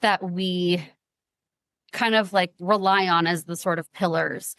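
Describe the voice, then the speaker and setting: A young woman talking on a podcast in a casual, earnest way, with plenty of fillers. Her voice sits low for a woman. The sound is dry and close. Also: fairly even intonation, measured pace, a bit bright, dry recording. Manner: earnest, uses many fillers like "like" and "um". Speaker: guest, advocacy founder.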